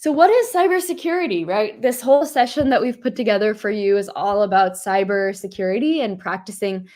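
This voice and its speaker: A woman's voice: mid-range voice, brisk, a little mellow. A young woman from the United States giving a chatty, encouraging webinar talk over a video call. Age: young adult. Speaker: workshop speaker.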